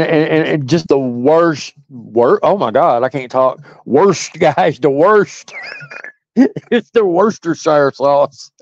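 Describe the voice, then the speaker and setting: A man's voice: fairly high pitch, no room sound, dull audio. A man hosting a stream, delivering a profane, mocking and combative ranting monologue. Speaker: stream host.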